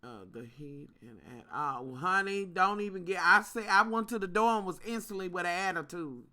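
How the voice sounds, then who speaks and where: Bright-voiced sassy vlogger. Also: medium pitch, normal speed. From Kentucky. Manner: sassy, profane, talks straight to viewers. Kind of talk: casual storytime rant.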